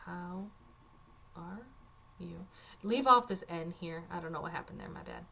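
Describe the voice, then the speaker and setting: A woman's voice: fairly low pitch, sing-song, moderate pace, vocal fry, pushed and bright. A woman teacher walking through a Spanish worksheet on her screen, casual and chatty with wry asides. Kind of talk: screen-recorded worksheet walkthrough.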